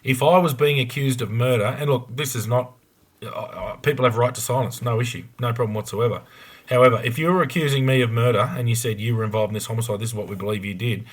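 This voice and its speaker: A man's voice: medium pitch, quick pace. An Australian man, a former police investigator, telling a case story on a podcast in a blunt, frank way with a lot of ums and restarts.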